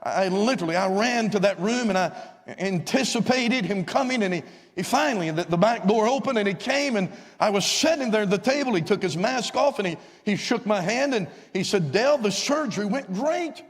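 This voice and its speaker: A man, a visiting evangelist, telling a story in a fervent revival sermon that rises to shouts of praise, recorded in a church. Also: sits high, expressive, a little fast. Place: church sanctuary. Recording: long church-hall reverb.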